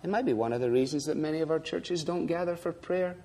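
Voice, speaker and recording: A man's voice: a little high, fast, dark tone, big-room sound. An older man preaching a sermon as pastor, emphatic and repeating lines for effect.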